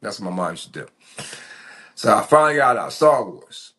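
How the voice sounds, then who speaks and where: A man's voice: lowish voice, big pitch swings, normal speed, pauses often, fairly bright tone. A man, telling his life story in a casual, rambling, profane way full of fillers. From Philadelphia. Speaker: podcast host.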